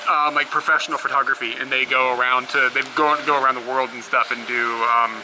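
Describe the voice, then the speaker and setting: Here a young man vlogs his travels outdoors at roadsides and rest stops, speaking casually, rambling with fillers and often laughing. He speaks fairly quickly in a mid-range voice with little pitch movement. Captured on outdoor camera audio, the clip carries clear traffic noise.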